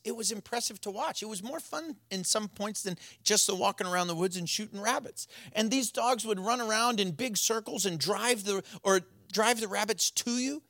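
High bright-voiced male preacher. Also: dry recording. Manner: conversational storytelling, plain folksy talk. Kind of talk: sermon.

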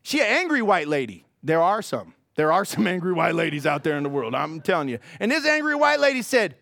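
A man pastor preaching a sermon, telling a story in an animated way and laughing often. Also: on the high side, quick pace, gravelly, hardly any pauses, no room sound, studio quality.

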